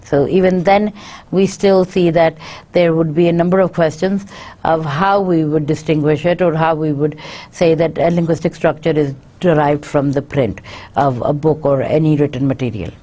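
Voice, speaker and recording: A woman's voice: sits low, fairly even intonation, normal speed, mellow. A woman lecturing, reading each point and then explaining it again in her own words, with frequent fillers. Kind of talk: university lecture, reading and paraphrasing.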